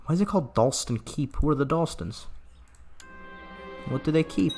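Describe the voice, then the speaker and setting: A man giving playful, sarcastic let's-play commentary on a strategy game, slipping into drawn-out mock grief and quick asides to his viewers. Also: on the high side, expressive, creaky, a little mellow, soft background music. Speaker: gaming channel host.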